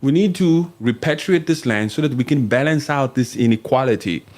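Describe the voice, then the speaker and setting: A man's voice: mid-range voice, animated, normal speed, a little mellow. A man chatting casually as co-host, joking, slangy and laughing often. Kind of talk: casual chat.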